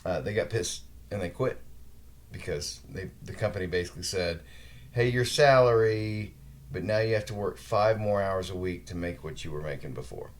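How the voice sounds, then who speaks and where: A podcast host in his forties with a very deep, low voice. He rambles through casual office stories and swears now and then. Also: brisk. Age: 40s. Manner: relaxed, rambling anecdotes with mild swearing. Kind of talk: casual chat.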